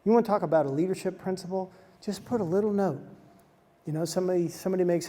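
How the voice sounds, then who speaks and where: Male motivational speaker, high mellow voice, lively storyteller, long hall reverb. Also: fast. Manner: animated, acts out dialogue, many "like" fillers. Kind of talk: energetic talk.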